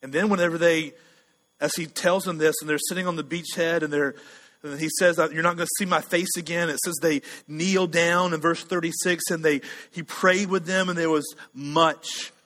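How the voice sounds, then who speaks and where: A man preaching in a loose, chatty, self-deprecating way, often restarting his sentences. His voice sits a little high and sounds bright. The sound rings with a long hall reverb, as in a church sanctuary. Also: steady tone, moderate pace. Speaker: pastor. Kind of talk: sermon.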